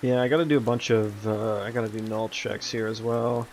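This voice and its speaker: His voice fairly low, steady, brisk, and a little mellow, a young game developer chats casually while coding on stream. He rambles in a relaxed way, often swearing and laughing, with a little hiss or hum present.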